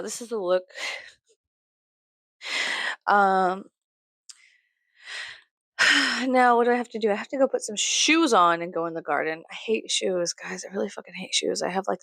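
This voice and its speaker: A woman vlogger ranting in a casual, rambling way, full of swearing, jumping from loud outbursts to low mutters. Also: gravelly, no room sound.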